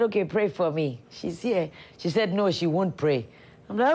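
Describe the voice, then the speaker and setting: A woman's voice: fairly low pitch, expressive, moderate pace, mellow. A middle-aged woman, an actress turned politician, speaking candidly and reflectively in an interview. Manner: candid, reflective, laughs often. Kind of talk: personal documentary interview.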